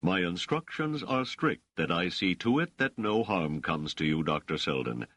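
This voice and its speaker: A man voicing a tall, stolid male sergeant in an audiobook, speaking slowly and formally in a rumbling bass. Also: animated, fairly bright tone.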